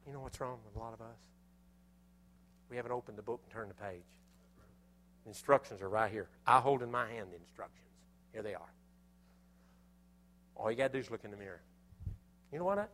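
A man preaching a sermon, telling a personal story with animated, self-scolding exclamations before closing in prayer. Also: medium pitch, slight background noise.

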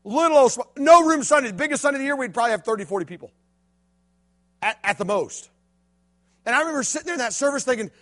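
A middle-aged man from Illinois giving a sermon testimony, dropping to a hush and then rising to a shout. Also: very high-pitched, animated, fast talker, long pauses. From Illinois, USA. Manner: swings from hushed to shouting. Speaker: preacher.

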